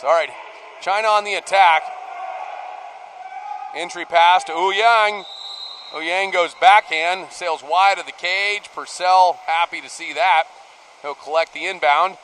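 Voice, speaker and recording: A man giving live play-by-play commentary, rising to shouts on big plays, heard over a noisy arena broadcast. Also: high-pitched, unhurried. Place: poolside at an indoor arena.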